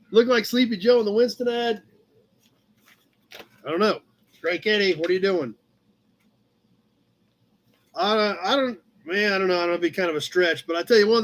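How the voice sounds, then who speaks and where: A man hosting a livestream chats in an easygoing, rambling way from his shop office, his voice fairly high. He leafs through old car magazines and now and then turns aside to speak to his cat.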